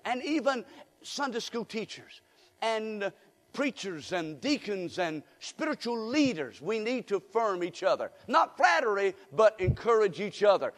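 High-voiced older man preaching. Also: a bit bright, long reverb tail. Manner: call-and-response, folksy and emphatic. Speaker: guest preacher. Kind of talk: sermon. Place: church.

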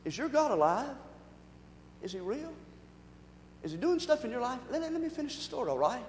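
A pastor preaches with a very high-pitched, excitable voice. He swings from quiet asides to loud shouted bursts. His voice rings through a large, echoing church hall with a long reverb. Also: a little fast, a little hiss or hum. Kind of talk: sermon.

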